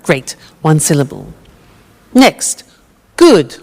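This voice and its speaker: A woman teacher leads a slow, deliberate grammar drill in a lowish voice. She is patient and encouraging, and her words ring in a roomy hall. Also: expressive. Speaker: English teacher.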